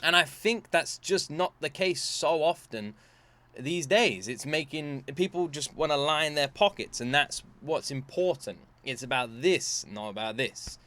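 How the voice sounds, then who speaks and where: Bright-voiced British man rambling earnestly. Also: a little high, expressive, unhurried. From Britain. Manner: rambling, earnest, many fillers and restarts. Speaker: reaction video host. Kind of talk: casual reaction commentary.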